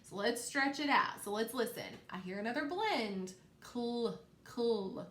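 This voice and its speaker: A woman teacher giving a phonics lesson to young children, stretching out words slowly and encouraging them. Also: a little high, very animated, fairly bright tone. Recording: echoey room, faint background noise.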